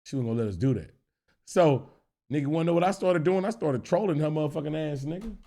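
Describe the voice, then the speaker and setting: A young man, telling a story on his stream. His voice sits a bit high for a man and swings between hushed asides and loud, laughing shouts. He talks with constant profanity and acts out the people in the story. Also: lively intonation, fast talker. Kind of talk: animated storytelling.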